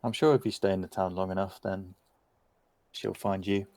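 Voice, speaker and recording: A man's voice: sits low, fairly even intonation, normal speed, a little mellow, dry recording. A man voicing a chatty, helpful male innkeeper who talks in an easygoing, gossipy way.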